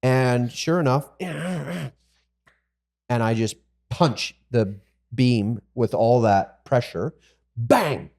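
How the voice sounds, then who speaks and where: A man's voice: mid-range voice, drawn-out words, gravelly. A man co-hosting a podcast, telling a self-mocking story about a job-site injury in a casual way. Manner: self-mocking, animated when quoting himself. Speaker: podcast co-host, builder.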